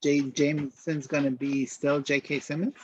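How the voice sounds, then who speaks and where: A man's voice: on the high side, flat delivery, normal speed, lo-fi sound, slight background noise. A man hosting a podcast in casual chat, leading the discussion. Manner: chatty, leads the discussion. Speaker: podcast host.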